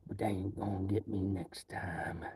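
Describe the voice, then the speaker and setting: A man voicing a gruff old man who boasts that he is the devil, low and menacing. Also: fairly even intonation, normal speed, mellow.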